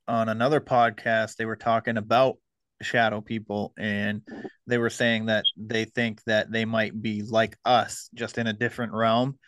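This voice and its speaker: Male host, low and smooth, relaxed and halting delivery, dry recording. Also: no echo. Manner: relaxed, hesitant, many ums and uhs. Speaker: podcast host. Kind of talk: casual conversation.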